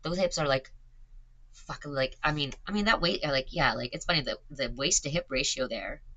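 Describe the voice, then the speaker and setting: A woman's voice: low voice, a little fast, bright, forceful tone, dull audio. A woman, rambling on stream in casual chat, swearing and filling gaps with "like" and "um". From Canada. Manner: chatty, swears a lot, filler-heavy.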